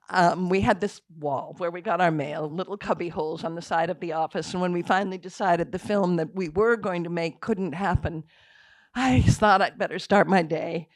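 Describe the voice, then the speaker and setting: An older woman, a film director, telling a story in a Q&A after a screening, halting and emotional at times. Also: fairly low pitch, no room sound.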